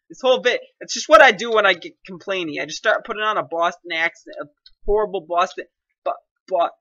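A young man giving excitable, complaining, self-mocking commentary while playing a game. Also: high-pitched, quick pace, dry recording, dull audio. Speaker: gaming commentator. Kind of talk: casual gameplay commentary.

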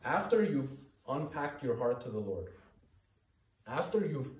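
A man's voice: medium pitch, big pitch swings, measured pace, darkish tone, recorded from a distance. A male pastor preaching a sermon with urgent, earnest rhetorical questions. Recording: echoey room, voice from off-mic.

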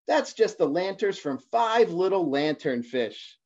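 A man voicing a brave young male fish in a storybook reading, earnest and steady. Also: sits high, unhurried, heavily acted. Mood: calm. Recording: dull lo-fi livestream audio.

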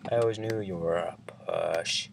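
A man's voice: low-pitched, moderate pace, vocal fry, background noise. A man hosting a casual gaming chat, teasing his friend and talking in a put-on accent. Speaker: host.

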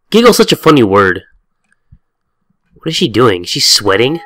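A man's voice: mid-range voice, normal speed, no echo. A man hosting a let's-play video, joking and swearing while he reads the game's text aloud. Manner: animated, jokey and profane, slipping into silly voices. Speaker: gaming video host.

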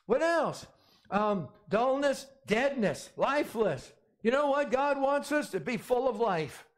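A man's voice: very high-pitched, animated, a little slow. A man preaching a sermon as pastor, emphatic and repetitive, often calling out amen. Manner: emphatic, repetitive, calls for amens.

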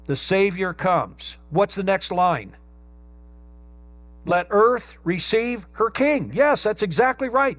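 Male pastor, emphatic sermon delivery, slightly higher-pitched voice. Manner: emphatic preaching, stresses key words slowly.

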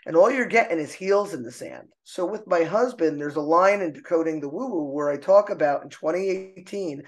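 Expressive middle-aged woman, laughing often. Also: low-pitched, fairly quick. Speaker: podcast guest, artist and author. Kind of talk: casual conversational interview. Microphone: own microphone.

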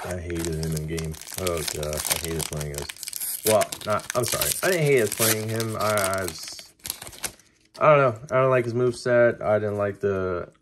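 A man casually talking through a card-opening video, chatty and excitable as he reacts to each pull. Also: low voice, slight background noise.

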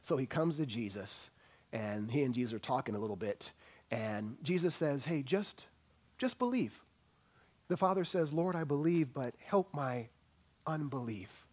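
A man preaching a sermon as pastor, swinging between loud emphatic bursts and soft hushed lines, asking the congregation questions. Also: mid-range voice, moderate pace. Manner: addresses congregation as family, asks questions. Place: church sanctuary.

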